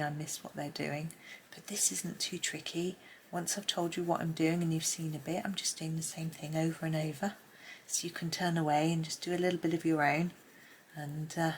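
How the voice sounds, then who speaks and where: A woman giving a casual colouring tutorial at home, chatty and rambling, often dropping into soft asides under her breath. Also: sits low, slight background noise. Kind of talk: casual colouring tutorial, talking while drawing. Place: home room with pencils scratching on paper.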